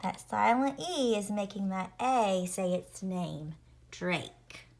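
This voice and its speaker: A woman teaching a phonics lesson to young children, sounding out each letter slowly and clearly. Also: medium pitch, darkish tone.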